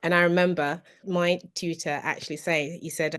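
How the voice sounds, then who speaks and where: A woman's voice: fairly low pitch, level tone, normal speed, hardly any pauses, a bit bright. A woman speaking as a panelist in a casual podcast discussion, earnest and often restarting her sentences. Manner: earnest, restarts often, stresses key words.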